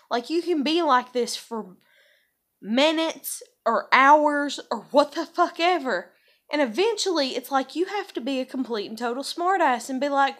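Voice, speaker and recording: A woman rambles through a casual vlog chat. Her voice sits a little high, and she peppers every thought with "like," "you know" and plenty of cursing. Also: expressive, normal speed, fairly bright tone. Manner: profane, rambling storyteller; heavy use of fillers "like" and "you know". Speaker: vlogger.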